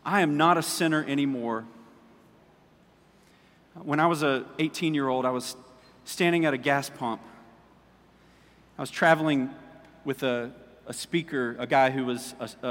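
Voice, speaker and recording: A man preaching a sermon, moving between impassioned calls and soft storytelling and prayer. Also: medium pitch, long reverb tail. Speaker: pastor. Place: church sanctuary.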